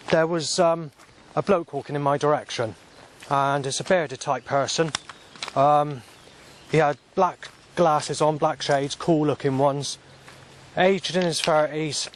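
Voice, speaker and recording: A man, rambling and swearing as he walks outdoors filming on his phone, at times flaring into angry shouting. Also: fairly high pitch, measured pace, background noise. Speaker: vlogger. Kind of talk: rambling walking vlog monologue. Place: outdoors, walking along paths. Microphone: handheld phone camera.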